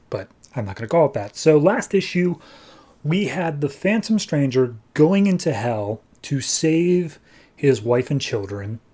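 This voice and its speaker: Casual, mellow-voiced man recapping a comic. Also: medium pitch. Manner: casual, rambling, with restarts. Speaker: comic book podcast host.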